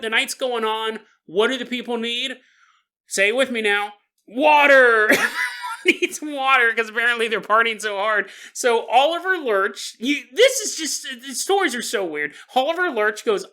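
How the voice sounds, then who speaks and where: A man's voice: very high-pitched, normal speed. A man hosting a podcast who tells a strange story in a comic way. He laughs often and talks straight to the listener. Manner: animated, laughing, jokes to the listener. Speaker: podcast host. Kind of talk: comedic paranormal storytelling.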